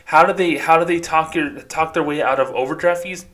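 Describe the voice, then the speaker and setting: A man's voice: fairly high pitch, steady tone, brisk, a bit bright. A man hosting a solo podcast, ranting heatedly and with profanity. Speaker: podcast host.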